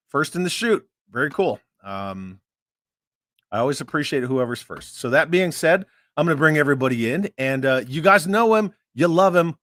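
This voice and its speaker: A man's voice: a little high, animated, moderate pace, fairly bright tone, no room sound. Laid-back guy hosting a chat show, rambly, lots of ums, close dry mic. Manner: easygoing, rambling with many fillers. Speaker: podcast host. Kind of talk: casual chat.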